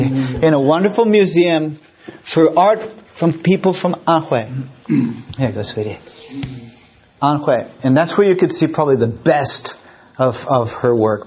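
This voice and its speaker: A man's voice: mid-range voice, darkish tone, slight background noise. A man giving a live lecture and taking audience questions, rambling and repeating his words, openly emotional. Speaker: lecturer and museum director.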